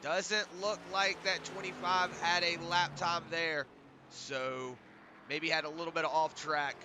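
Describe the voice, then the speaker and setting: Male sim racing commentator, congested and stuffy, higher-pitched, stumbling and self-correcting over engine noise. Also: flat delivery, measured pace. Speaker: race commentator.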